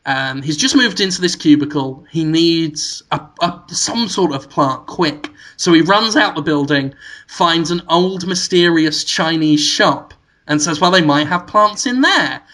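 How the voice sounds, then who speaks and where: A man co-hosting a podcast, spinning a long comic movie pitch that wanders as he goes. His voice is bright and forward, and he keeps breaking into laughter at his own ideas. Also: measured pace. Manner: rambling storytelling, laughing at own jokes. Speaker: podcast co-host.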